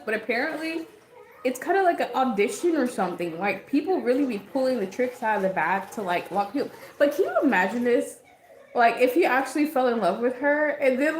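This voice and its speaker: A young woman hosting a livestream, chatting casually with lots of fillers and giggles. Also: fairly high pitch. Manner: rambling, giggly, many fillers. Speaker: livestream host. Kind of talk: casual chat. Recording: echoey room.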